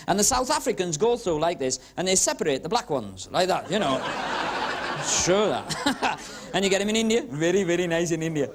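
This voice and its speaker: A man doing sharp, spiky stand-up patter as a comedian and magician on a club stage before a live audience. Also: high voice, background noise. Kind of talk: stand-up patter during a card act. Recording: 1970s TV recording with a laughing crowd.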